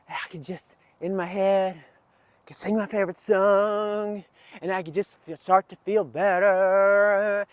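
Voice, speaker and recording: A man hosting an energetic kids' lesson, coaching children through calming breaths and movement. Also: high-pitched, no echo. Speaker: kids' fitness and social-emotional learning host.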